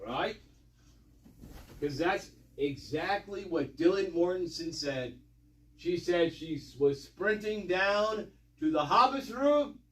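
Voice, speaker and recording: A man's voice: sits high, animated, slow pace, a bit bright, roomy sound, far from the mic. A man giving mocking, sarcastic commentary, swearing and rambling with lots of repetition. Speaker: online commentator.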